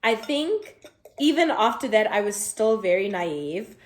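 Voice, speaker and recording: A woman in her twenties with a South African accent, telling a personal story in a chatty, animated way and acting out the dialogue. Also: medium pitch, unhurried. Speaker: vlogger. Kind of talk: storytime vlog.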